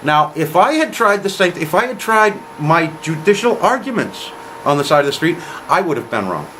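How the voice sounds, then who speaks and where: A man recounting his own story to camera with a lively, swooping pitch. He acts out the other people's lines as he goes. A faint air-conditioning hum sits under his voice. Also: normal speed, low-quality recording. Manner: animated retelling, quotes others in dialogue. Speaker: vlogger.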